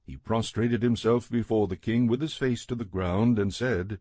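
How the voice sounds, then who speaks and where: A man reading scripture aloud in a measured, steady narration. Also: lowish voice, no echo, studio quality. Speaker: scripture reader.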